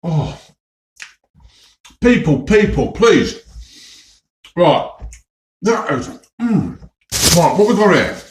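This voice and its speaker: Midlands bloke doing a food vlog, chatty and excited, bouncy voice, roomy echo. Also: male voice, high voice, extremely slow, pauses often, slight background noise. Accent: English Midlands. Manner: chatty, enthusiastic, talks to viewers as folks. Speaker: food vlogger. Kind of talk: casual food tasting vlog.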